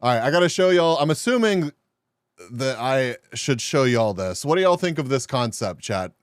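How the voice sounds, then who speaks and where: Lively joking male streamer. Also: medium pitch, moderate pace, clean tone, dry recording, clean studio sound. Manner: crude, joking, laughs often. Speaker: live streamer. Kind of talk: casual live-stream chat with viewers.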